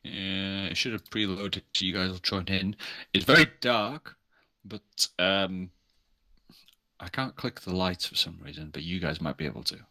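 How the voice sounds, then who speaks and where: A deep-voiced man leads a tabletop game, with a bright, forceful edge to his words. He talks loosely and swears as he fiddles with the map. The sound is dry and close. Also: moderate pace, dry recording. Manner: casual, swears freely while fiddling with the map. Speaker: game master. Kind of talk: running an online tabletop game.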